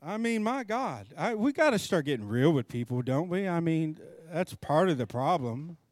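A middle-aged man preaching, telling a story in an animated way and acting out both sides of a conversation. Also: fairly high pitch, normal speed, no room sound. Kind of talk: storytelling sermon.

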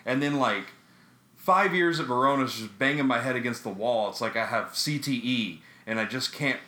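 Bright-voiced ranting American man. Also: mid-range voice, moderate pace. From United States. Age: 30s. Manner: animated, swears often, jokey rants. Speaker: podcast co-host. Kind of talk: casual chat. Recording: roomy echo.

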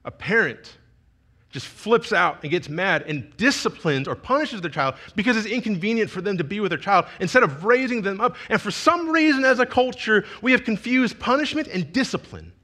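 A man's voice: sits high, animated, moderate pace, sharp tone. A young man giving a sermon as a youth pastor, telling a personal story in a conversational, emotional way with frequent restarts.

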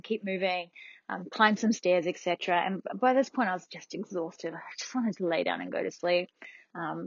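A woman's voice: mid-range voice, no room sound, lo-fi sound. A woman hosting a podcast, telling a personal story in a candid, blunt way, swearing freely and laughing often, and speaking directly to her listeners. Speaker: podcast host.

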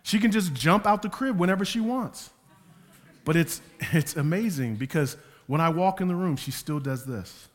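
A man preaching a sermon as a pastor, moving from quiet, slow passages to loud, emphatic ones. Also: on the high side, lively intonation. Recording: long hall reverb.

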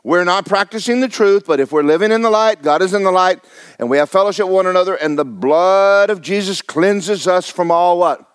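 A man's voice: high voice, brisk, clean tone, no room sound, clean studio sound. A man preaching a sermon, folksy and fiery, repeating phrases for emphasis. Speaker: pastor.

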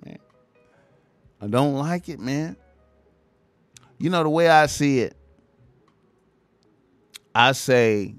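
A man's voice: fairly low pitch, vocal fry. A young man, ranting casually and profanely, repeating himself and tacking "man" onto his lines. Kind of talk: casual rant to camera.

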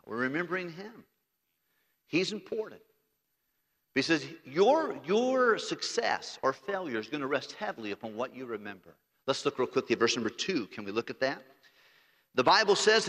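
Bright-voiced preacher in an echoing hall. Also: male voice. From United States. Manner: earnest preaching, voice swelling loud then dropping low and intimate. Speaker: pastor. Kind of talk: sermon. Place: large church sanctuary. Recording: long hall reverb from the sanctuary.

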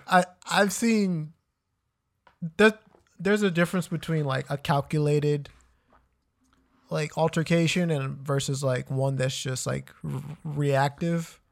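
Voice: medium pitch, vocal fry. A podcast co-host in casual chat, talking hesitantly with many "I mean" and "like" fillers.

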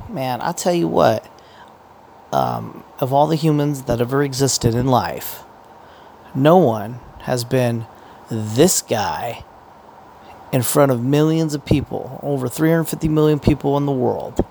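Gravelly man rambling with profanity. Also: medium pitch, lively intonation, measured pace, dark tone, slight background noise. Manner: profane, meandering, with many restarts. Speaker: podcaster. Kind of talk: casual rambling commentary.

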